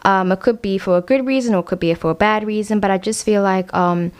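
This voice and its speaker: Young female tarot reader, smooth and clear voice, casual and frank, chats on freely. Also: medium pitch, quick pace. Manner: chatty, filler-heavy, frank. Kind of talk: casual chat, tarot reading.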